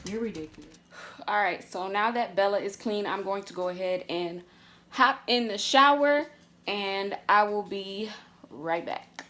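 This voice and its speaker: A woman in her twenties chatting casually to her viewers in a vlog, relaxed and candid, with lots of "like" and "um" fillers. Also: medium pitch, unhurried. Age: 20s. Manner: warm and candid, talking straight to viewers. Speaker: vlogger.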